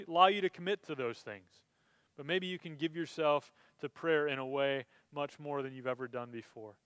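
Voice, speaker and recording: A man's voice: on the high side, a bit bright, smooth, dry recording. A male pastor preaching a sermon in a conversational way, building to emphatic, impassioned stretches.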